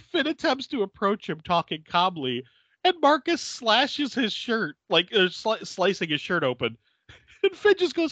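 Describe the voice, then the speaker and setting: A man's voice: sits high, wildly swooping pitch, a little slow, a bit bright, no room sound, dull audio. A man hosting a podcast, recapping a movie in casual chat, laughing often and acting out the characters' lines. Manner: laughs often while retelling scenes; acts out quotes in exaggerated voices. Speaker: podcast host.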